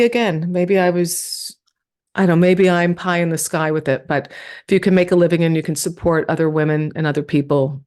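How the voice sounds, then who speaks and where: Lively lower-voiced woman telling stories. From New York. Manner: animated storytelling, acts out quoted dialogue. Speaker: comedian guest. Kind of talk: casual podcast chat.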